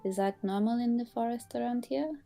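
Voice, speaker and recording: A woman speaking in character as a player in a tabletop game, slow and hesitant. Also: fairly high pitch, vocal fry, mellow, faint music behind. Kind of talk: in-character tabletop role-play.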